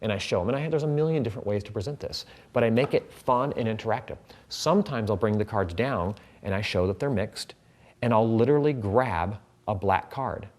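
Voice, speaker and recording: A man's voice: lowish voice, lively intonation, a little fast, a little mellow. A man teaching a card trick in a casual tutorial, chatting as he handles the cards.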